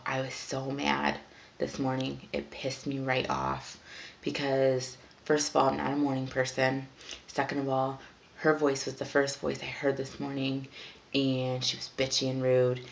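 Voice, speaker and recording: A young woman rambles through a frustrated vlog rant, full of fillers and restarts. Her voice sits very low with a gravelly fry. A faint hiss of noise runs underneath. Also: completely flat delivery, measured pace. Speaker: vlogger. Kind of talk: casual vlog venting.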